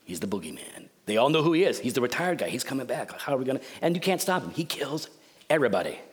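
A pastor giving a sermon in a joking, conversational, storytelling manner. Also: male voice, mid-range voice, sing-song, quick pace.

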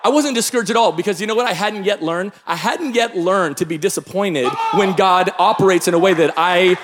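Man, preacher, high voice, long hall reverb, energetic storytelling sermon. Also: a little fast. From Pacific Northwest, Tacoma, Washington. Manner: energetic storytelling, bursts of shouting. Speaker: pastor. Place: large church hall.

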